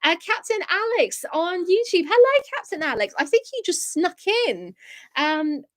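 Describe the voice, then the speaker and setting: A young woman hosting a live stream in casual chat, reading viewers' comments aloud and answering them with excited gasps. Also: extremely high pitch, moderate pace.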